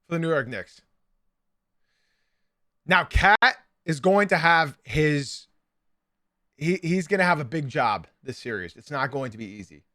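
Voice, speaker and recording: A man's voice: on the high side, pushed and bright, no room sound, studio quality. A man hosting a casual basketball podcast and livestream, chatty, with frequent ums and asides to his chat. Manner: chatty, filler-heavy, talks straight to chat. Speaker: podcast and stream host. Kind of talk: casual sports talk livestream.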